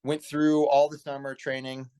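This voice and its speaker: A young man in his twenties talks as a guest on an interview show, earnest and rambling, restarting sentences as he goes. His voice sits at an ordinary pitch for a man. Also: little pitch movement, normal speed, warm tone, smooth. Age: 20s. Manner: earnest, rambling, self-correcting. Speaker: guest, pro wrestler. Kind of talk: casual interview storytelling.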